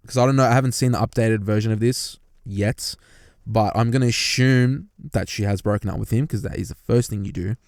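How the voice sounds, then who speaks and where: A man's voice: medium pitch, a little fast, dry recording, clean studio sound. A young man ranting heatedly in his car, swearing often and talking straight to his listeners. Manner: heated, swearing, animated, talks to listeners directly. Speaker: commentator reacting to a story. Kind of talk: profane reaction rant. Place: inside a parked car.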